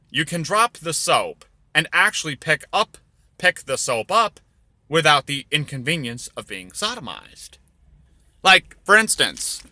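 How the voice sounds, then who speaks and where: A man telling crude comedy stories in a rambling way, with deadpan asides. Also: fairly high pitch, dry recording. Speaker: storyteller. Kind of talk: crude comedic storytelling over drawings.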